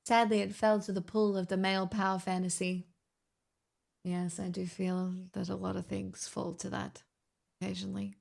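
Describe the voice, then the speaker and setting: A woman's voice: mid-range voice, little pitch movement, normal speed, creaky, darkish tone. An Australian woman chatting casually on a livestream, rambling and swearing freely as she reacts to chat.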